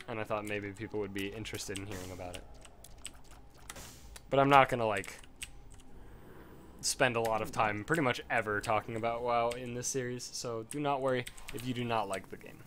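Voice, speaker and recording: A man's voice: mid-range voice, a bit bright, a little hiss or hum. A young man chatting offhand and rambling while he plays a game, swearing casually. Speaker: gaming video host. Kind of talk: casual commentary over gameplay.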